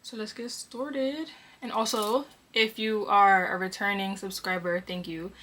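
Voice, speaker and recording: A young woman from Connecticut, chatting casually as she answers viewer questions for her vlog, relaxed and filled with ums. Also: medium pitch, a little slow, slight background noise. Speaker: vlogger. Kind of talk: casual Q&A chat.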